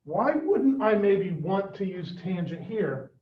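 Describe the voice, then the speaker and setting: High-voiced man teaching in an echoey classroom. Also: very animated, slow, slight background noise. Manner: questioning, coaxing students for answers. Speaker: math teacher. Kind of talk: classroom lesson. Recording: echoey, distant, dull classroom recording.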